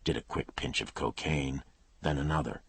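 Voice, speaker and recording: A man narrates a crime thriller in clipped, tense phrases. His voice is extremely low and markedly husky, recorded close and dry. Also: fairly even intonation, moderate pace, no room sound. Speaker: audiobook narrator.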